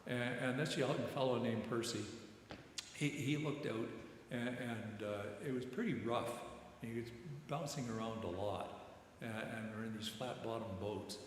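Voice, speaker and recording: An older man gives a rambling, halting sermon reflection at a middle pitch, stumbling over repeated words as he tells his story. His voice rings through a very echoey church sanctuary with a long reverb tail and faint background noise. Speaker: retired military chaplain giving a reflection.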